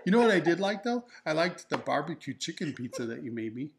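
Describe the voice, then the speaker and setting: A man's voice: a little high, very animated, fast, gravelly, slight background noise. A man co-hosting a couple's diet vlog, chatting casually in a joking, rambling way. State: nursing a broken ankle. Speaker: co-host of a couple's keto vlog. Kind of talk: casual chat.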